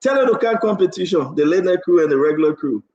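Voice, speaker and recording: A man hosting a live political talk show, animated, teasing and laughing as he talks. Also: sits high, fast talker, reverberant, lo-fi sound. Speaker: show host. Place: New Jersey.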